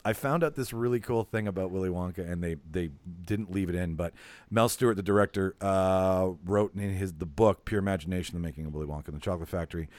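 A man's voice: low-pitched, a little mellow, no room sound. A man hosting a casual film podcast, rambling through stories and laughing often. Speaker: podcast host.

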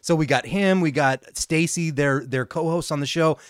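A man co-hosting a podcast, talking in a casual, excitable way and swearing freely. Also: a little high, moderate pace, clear, resonant tone, no room sound, clean studio sound. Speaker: podcast co-host. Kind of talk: casual chat.

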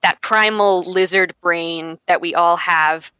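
A woman's voice: on the low side, steady tone, takes it slowly, pushed and bright, clear, resonant tone, dry recording. A woman guest on a podcast in casual chat, articulate and wordy, playfully dramatic.

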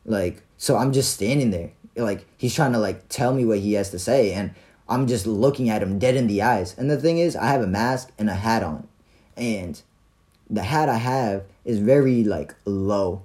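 A young man casually telling a story about his day, animated and profane, full of slang and fillers. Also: lowish voice, moderate pace.

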